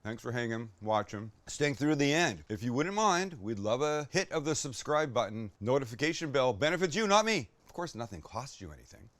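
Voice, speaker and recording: Excitable man hosting a cooking show. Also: medium pitch, fairly quick, hardly any pauses, no echo. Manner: excitable, swears when delighted; chatty asides to the viewer. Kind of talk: casual cooking demonstration.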